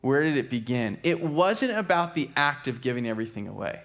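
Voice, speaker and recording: Animated male pastor telling a story. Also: medium pitch, a little fast. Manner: animated storyteller acting out quotes. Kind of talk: sermon storytelling.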